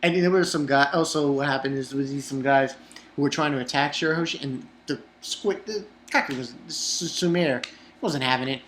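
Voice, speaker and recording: A man talks through an anime episode in a loose, unscripted way. He swears freely, trails off and restarts his sentences, and his voice sits at an ordinary middle pitch. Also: normal speed, a bit bright, a little hiss or hum. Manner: profane, rambling with many restarts and fillers. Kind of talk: casual rambling episode recap.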